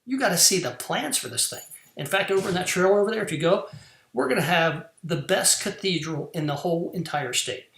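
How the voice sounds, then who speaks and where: A man's voice: high voice, expressive, brisk, creaky, a bit bright, heavily acted. A man voicing an enthusiastic, proud worker in a story. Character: thrilled male cathedral builder. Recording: roomy echo.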